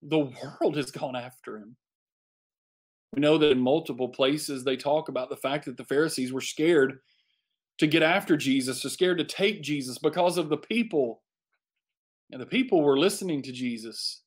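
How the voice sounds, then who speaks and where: A man's voice: a little high, moderate pace, breathy edge. A man preaching a Bible study sermon to a congregation, emphatic and given to repeating phrases for effect.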